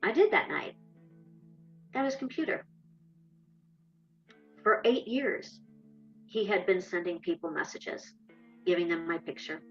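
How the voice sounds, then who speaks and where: A woman's voice: on the low side, animated, a little slow, long pauses, slightly rough, lo-fi sound, faint music behind. A woman candidly recounting her own experience in an interview, acting out the lines of past conversations. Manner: candid, reenacts dialogue. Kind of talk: personal testimony.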